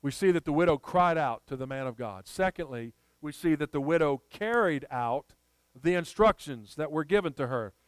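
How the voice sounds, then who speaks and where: A man's voice: fairly high pitch, expressive, normal speed, clear, resonant tone, no echo. A man preaching a sermon, telling a personal story and rising to emphatic appeals.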